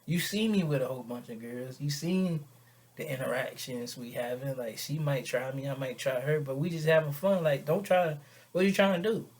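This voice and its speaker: A young man casually telling a rambling, slang-filled story in an animated way. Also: medium pitch, moderate pace.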